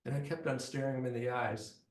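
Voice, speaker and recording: A man's voice: mid-range voice, fairly even intonation, fairly quick. Man telling a story in a roomy space. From Detroit. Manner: dramatic, acts out other voices. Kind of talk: live personal storytelling.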